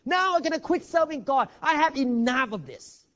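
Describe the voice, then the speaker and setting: A man's voice: very high-pitched, expressive, normal speed, sharp tone, full character voice. A man acting out a weary male prophet who whines and complains in exasperation, on a dull lo-fi recording. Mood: complaining. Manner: whining, exasperated.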